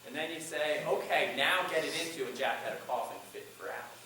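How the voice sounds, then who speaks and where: A man's voice: medium pitch, animated, fairly quick, hardly any pauses, bright, forceful tone, a little hiss or hum. A man giving a college class on public speaking, who acts out lines from his own speech as he breaks it down. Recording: echoey classroom from far off.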